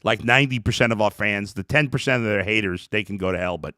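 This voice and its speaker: A man's voice: fairly low pitch, fast talker, bright, forceful tone, no room sound, clean studio sound. A man co-hosting a sports talk show, joking and swearing in casual banter. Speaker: co-host. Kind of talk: casual studio chat.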